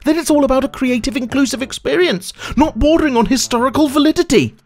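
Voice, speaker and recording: A man's voice: very high voice, fast, a little mellow. A man delivering a sarcastic, exasperated rant as a gaming channel host, swearing freely. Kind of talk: ranting video commentary.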